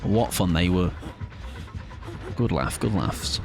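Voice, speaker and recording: A man's voice: sits low, lively intonation, slow pace, gravelly, over music. A British man streaming a game live, rambling and joking with his viewers in casual chat. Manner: rambling, jokey, chats with viewers.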